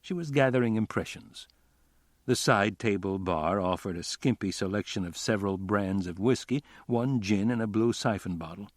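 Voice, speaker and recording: A man reading crime fiction as an audiobook narrator in an even, understated way. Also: lowish voice, moderate pace, no echo, studio quality. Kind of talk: scripted narration.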